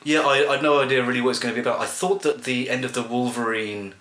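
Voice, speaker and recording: A man's voice: medium pitch, steady tone, fast talker, fairly bright tone, reverberant. A man talking as a guest on a casual podcast, laid-back and wry.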